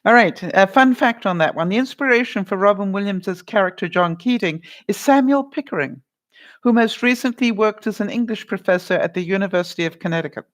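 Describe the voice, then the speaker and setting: On a live stream, a woman vlogger runs a movie-quote quiz and answers viewer comments, laughing often in casual chat. She speaks briskly at a medium pitch.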